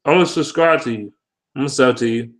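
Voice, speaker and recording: A sports vlogger with a mid-range voice talks quickly in a football predictions vlog, reading comments and trash-talking. It's casual commentary, animated, laughing, and heavy on profanity.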